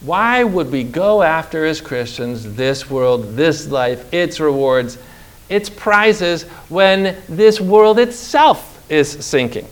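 A middle-aged man preaching a sermon, emphatic and slow, with dramatic pauses and rhetorical questions. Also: on the high side, lively intonation.

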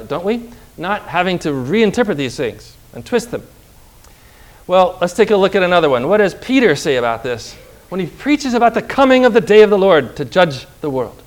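A man with a fairly high voice gives a Bible lesson to his congregation as a pastor. He keeps quizzing his listeners, then drives each point home with emphatic, upbeat conviction. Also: rough recording. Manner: emphatic, building to cheerful conclusions. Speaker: Lutheran pastor.

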